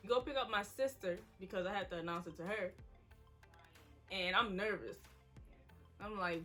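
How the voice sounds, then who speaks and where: Woman, mid-twenties, bright voice, casual story-time vlog, faint music underneath. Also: mid-range voice, moderate pace. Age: 20s. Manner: casual, quoting people in her story. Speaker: vlogger.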